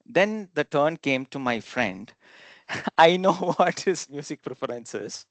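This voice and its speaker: A man's voice: fairly high pitch, expressive, takes it slowly, fairly bright tone, no room sound. A man from India, giving a talk to an audience and telling humorous personal stories, now and then chuckling and acting out quotes.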